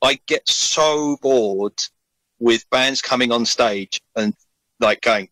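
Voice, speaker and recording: South london band guy, dry joking delivery, bright voice. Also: mid-range voice, takes it slowly, dry recording, low-quality recording. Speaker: band member. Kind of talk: casual interview chat.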